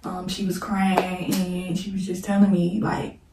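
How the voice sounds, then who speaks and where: A woman telling a painful personal story in a halting way, holding back tears, repeating herself and pausing to pray. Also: on the low side, monotone, background noise. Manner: halting, repeats "like", prays between passages. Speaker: storyteller vlogger. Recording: roomy, echoey room mic set at a distance.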